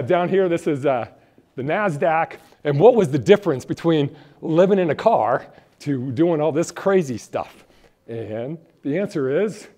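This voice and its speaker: A man's voice: on the high side, dark tone. Jokey man presenting a live workshop. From Phoenix, Arizona. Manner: jokey, rambling, chats with the audience. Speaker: college financial aid presenter. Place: event room with a live audience. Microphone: handheld or stand mic.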